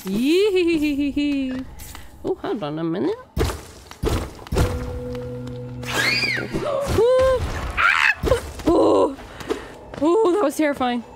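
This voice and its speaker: A woman giving casual, excitable commentary as she plays a game, gasping and swearing at enemies. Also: high-pitched, normal speed, vocal fry. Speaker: gaming streamer. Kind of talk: casual let's-play commentary. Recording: game music playing behind. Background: game music.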